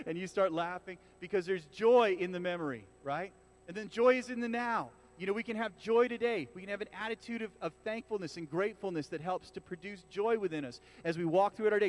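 A man with a high-pitched voice delivers a sermon in a relaxed, conversational way. He talks to the congregation like friends, with lively asides and frequent restarts. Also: a little fast. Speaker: pastor. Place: church.

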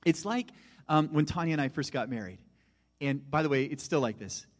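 Animated male preacher in a reverberant hall. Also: a little high, brisk. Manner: animated preaching, swings from loud emphasis to hushed asides. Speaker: pastor. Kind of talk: sermon.

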